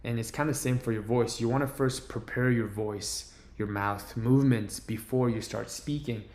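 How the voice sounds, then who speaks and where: A man's voice: mid-range voice, fairly even intonation, normal speed, darkish tone. A man giving a casual video lesson on improving the voice, talking loosely with many fillers and restarts from a room at home. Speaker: voice coach. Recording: roomy echo.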